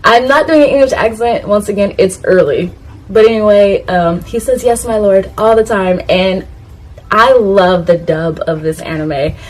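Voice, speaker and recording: Here's a YouTuber rambling casually to camera as she ranks anime catchphrases, chuckling at herself, addressing viewers directly and inviting their comments. She speaks at medium pitch and normal speed, and the audio is poor.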